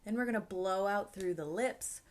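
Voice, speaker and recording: A woman acting coach talks you through a vocal warm-up at an easy, encouraging pace. Her pitch sits in a middle range, and she slips in small laughs and relaxed sighs between the instructions. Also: moderate pace, noisy background.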